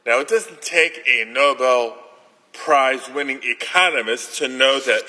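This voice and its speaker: A man senator giving a formal floor speech in a deliberate, indignant manner, recorded in a reverberant legislative chamber. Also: medium pitch, sharp tone, slight background noise.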